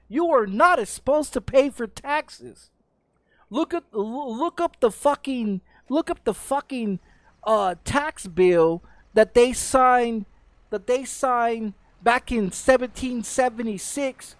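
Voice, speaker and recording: A man's voice: very high-pitched, slow pace, dry recording. Brief: middle-aged American male streamer, angry cursing rant, stammers and restarts, dry close mic. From United States. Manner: profane, angry, repeats and restarts words. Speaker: game streamer. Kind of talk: heated off-topic rant on a livestream.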